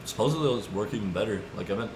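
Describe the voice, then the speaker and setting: Rapid-fire and fairly low-pitched, a twenty-something man co-hosting a podcast rambles through animated stories peppered with "like" and "dude." It's loose, casual conversation, recorded in an echoey space with noise in the background.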